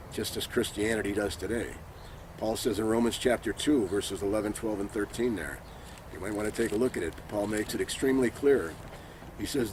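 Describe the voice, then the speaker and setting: A man's voice: on the low side, darkish tone, slight background noise. A man giving an informal Bible teaching, speaking earnestly and emphatically and reading scripture passages aloud.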